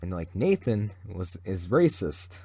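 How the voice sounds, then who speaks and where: A Canadian teenage boy co-hosts a podcast, telling a rambling story in casual chat full of fillers and restarts. His low voice is sing-song, husky and mellow, a little slow, and there's no echo.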